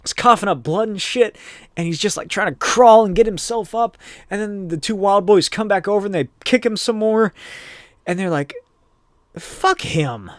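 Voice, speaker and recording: A man's voice: high voice, moderate pace, dry recording, studio quality. A man hosting a podcast, recapping a comic in a rambling, profane, chatty way. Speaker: podcast host.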